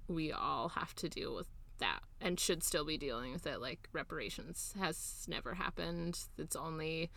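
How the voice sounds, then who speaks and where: A young woman co-hosting a podcast in casual chat, quick and sardonic, swearing freely. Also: low-pitched, expressive, gravelly, sharp tone. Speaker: podcast co-host.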